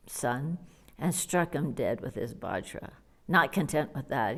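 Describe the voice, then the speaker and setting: A woman reading the sorrowful, grim lines of a grieving old male divine craftsman, as an audiobook character voice. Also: rumbling low.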